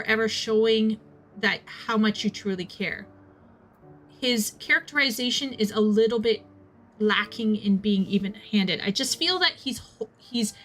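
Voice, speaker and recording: A young woman with a bright, forceful voice tells a rambling story between thoughts on a game, often stopping short and restarting her sentences. Faint music plays softly behind her as she talks. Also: a little high. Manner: rambling, self-interrupting, animated storyteller. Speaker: streamer playing a game. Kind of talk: casual storytelling chat.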